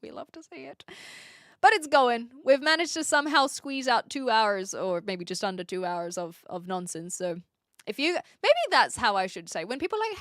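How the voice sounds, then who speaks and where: A woman's voice: mid-range voice, animated, moderate pace, fairly bright tone, no room sound, clean studio sound. A woman, streaming and chatting casually as she reads viewer comments, rambling and playful with frequent giggles.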